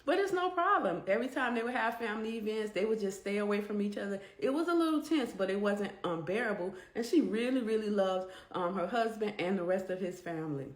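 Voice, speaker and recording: A woman narrating a storytime vlog in an animated, conversational way. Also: mid-range voice, brisk, hardly any pauses. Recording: echoey room.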